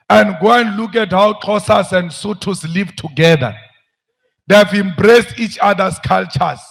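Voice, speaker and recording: A South African man speaks at a rally in a high voice with a gravelly edge. He delivers slowly, forcefully and emphatically, hammering points home by repeating them. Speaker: opposition politician. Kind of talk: political rally speech.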